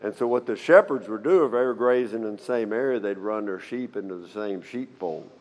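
A man's voice: lowish voice, fairly quick, darkish tone. A middle-aged man teaching the Bible in a folksy, conversational way, often checking in with "okay?". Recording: long hall reverb.

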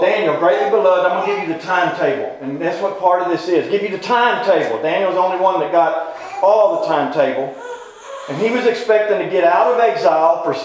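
A man teaching a Bible class, folksy and informal, quizzing his listeners with repeated questions. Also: high voice. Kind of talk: interactive Bible class lecture. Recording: very echoey room.

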